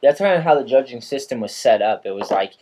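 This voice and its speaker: Young male podcast host, casual, swears a lot, lively storyteller. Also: mid-range voice, quick pace. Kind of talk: casual chat.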